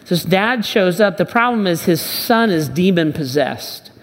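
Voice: mid-range voice, lively intonation, moderate pace. Pastor preaching in an echoing hall. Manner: conversational, repeats and restarts phrases, acts out Bible dialogue. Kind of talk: sermon. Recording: long reverb of a large hall.

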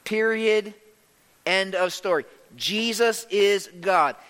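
A pastor preaches an emphatic sermon, his high, bright, clean voice cutting through a hall whose reverb lingers long. He takes his time, swinging between loud emphasis and a hushed delivery.

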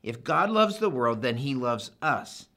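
A man preaching a sermon in a conversational, animated way, building to emphatic repetition. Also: medium pitch, measured pace. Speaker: pastor.

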